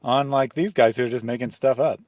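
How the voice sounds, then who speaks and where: A man's voice: medium pitch, steady tone, brisk, a little mellow, no room sound. A man on a panel, retelling events in an incredulous, mocking way. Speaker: panel guest. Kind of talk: casual panel discussion.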